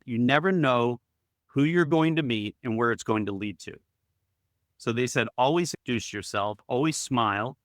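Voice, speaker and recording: A man's voice: medium pitch, no echo, studio quality. A middle-aged man, telling a story as a real estate guest and acting out both sides of a conversation. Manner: animated storyteller acting out dialogue. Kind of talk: storytelling in a talk.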